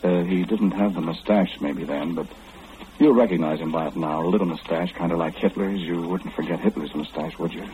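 An actor playing a calm, wry clairvoyant man who knows everything, in 1940s radio acting. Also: low-pitched, highs cut off, background noise, natural voice. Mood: knowing. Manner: knowing, unhurried, gently mocking.

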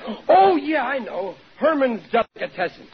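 Brief: a bumbling Brooklyn-accented husband, high, stammering, muffled old radio sound with hiss. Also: male voice, big pitch swings, normal speed, full character voice. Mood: blustering. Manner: stammering, flustered. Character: blundering good-hearted working-class husband. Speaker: sitcom lead. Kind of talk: 1940s radio acting.

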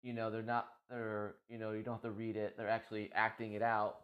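A man's voice: lowish voice, completely flat delivery, brisk, lo-fi sound. A man who makes gaming videos, chatting casually and rambling, often repeating himself and laughing easily. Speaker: gaming content creator. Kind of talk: casual chat about a game.

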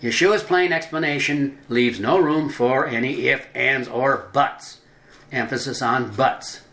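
Male religious narrator, mid-pitched, measured reading with stretched emphasis, echoey room. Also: a bit bright. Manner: deliberate, drawing out stressed words. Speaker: religious teacher. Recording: roomy echo.

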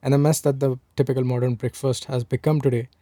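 A man from India co-hosting a casual chat, explaining history in a relaxed way with fillers. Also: mid-range voice, fast, no echo, clean studio sound. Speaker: podcast co-host.

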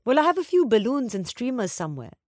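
A woman voicing a gentle, patient mother in a storybook reading. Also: on the high side, very animated, quick pace, no room sound, studio quality, voice pushed up. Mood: soothing. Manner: soothing, patient.

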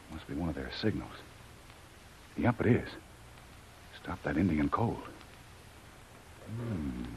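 Jungle hunter hero, very deep voice, lively pitch, muttering to himself, hissy lo-fi old radio. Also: male voice, full character voice. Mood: wary. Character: bold jungle hunter hero, stalking his quarry. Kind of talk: 1940s radio acting.

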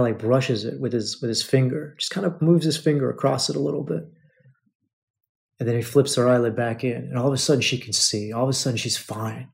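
A man's voice: medium pitch, vocal fry, darkish tone. A man hosting a podcast, telling a personal story to his listeners in an emotional, repetitive way and calling them brothers. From United States. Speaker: podcast host.

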